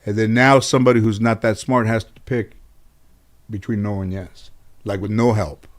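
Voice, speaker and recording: A man from Los Angeles telling stories from his childhood as a guest, animated and casual, swearing freely and restarting his sentences often. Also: fairly low pitch, moderate pace. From Los Angeles, USA. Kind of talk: casual storytelling in a conversation.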